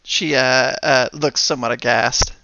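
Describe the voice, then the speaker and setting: A man narrating as game master in a tabletop game, halting with many fillers. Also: mid-range voice, steady tone, sharp tone, no echo, lo-fi sound. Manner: hesitant, full of fillers.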